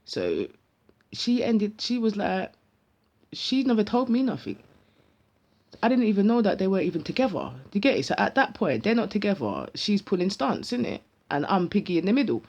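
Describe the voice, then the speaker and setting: Lively, heavy man. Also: high-pitched, moderate pace, muffled recording. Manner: animated, slangy, acts out each side of a dialogue. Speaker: vlogger. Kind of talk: casual storytelling.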